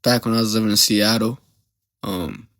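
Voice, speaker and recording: A man's voice: lowish voice, normal speed, fairly bright tone, dry recording. A young man hosting a podcast, telling a story in a rambling, slang-heavy way and often getting sidetracked. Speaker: podcast host.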